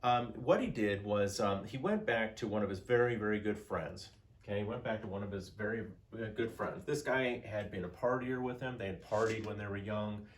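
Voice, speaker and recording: A man's voice: on the low side, a little fast. A man giving a casual history lecture, telling the story conversationally with many fillers and acting out quoted lines. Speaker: teacher.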